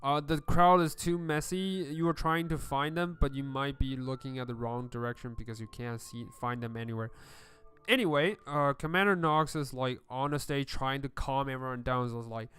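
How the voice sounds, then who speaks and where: A man's voice: a little high, steady tone, moderate pace, fairly bright tone, clear, resonant tone, no echo, faint music behind. A man narrating a tabletop game as game master, hesitant with many fillers.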